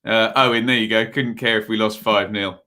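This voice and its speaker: A man's voice: on the low side, steady tone, fairly quick, pushed and bright. A man hosting a live football watch-along, calling the play casually and chatting to viewers between moves. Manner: casual play-by-play mixed with reading viewer messages; rambling and chatty, with frequent fillers. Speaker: live stream host.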